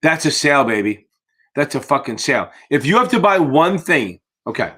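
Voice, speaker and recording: This securities-exam tutor's voice sits on the high side, husky and sharp-toned, very animated at a moderate pace. He teaches casually on a live Q&A stream, blunt and profane, yawning with fatigue and calling his viewers baby.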